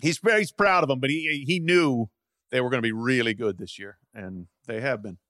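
A man's voice: mid-range voice, normal speed, bright, forceful tone, no room sound, clean studio sound. A man co-hosting a sports podcast who teases and plays with the others in casual chat. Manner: teasing, playful. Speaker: podcast co-host.

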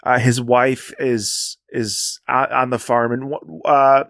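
A man in casual conversation about a film, getting choked up, halting and restarting as he recounts scenes. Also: medium pitch, level tone, a bit bright, dry recording, clean studio sound. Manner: emotional, halting, many restarts.

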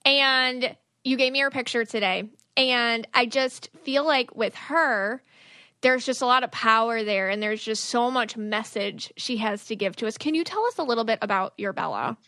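A woman's voice: a little high, normal speed, dry recording, studio quality. A woman hosting a podcast interview, chatting casually and acting out little quotes as she tells a story. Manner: animated storytelling, acts out quotes. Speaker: podcast host.

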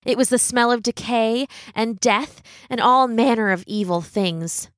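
Expressive woman storybook narrator. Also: fairly high pitch, no room sound, clean studio sound. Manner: expressive, dramatic slowing at tense moments. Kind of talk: scripted fairy-tale narration.

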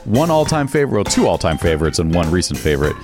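Deep, lively-voiced man plugging shows. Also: quick pace, over music. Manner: loose, chuckling, self-correcting. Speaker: podcast co-host. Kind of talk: casual plug segment chat.

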